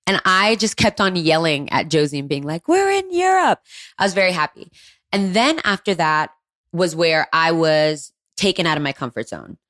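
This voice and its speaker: A woman in her twenties, co-hosting a podcast and telling a story in a candid, animated way. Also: low-pitched, moderate pace. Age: 20s. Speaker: podcast co-host. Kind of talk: casual chat.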